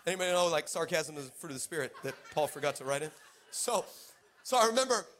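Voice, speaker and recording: A male preacher with a fairly high voice delivers a lively, comic story in church. He is playful and quick to tease his listeners, and his energy keeps rising and falling as he tells it. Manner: animated, playful, teasing the congregation.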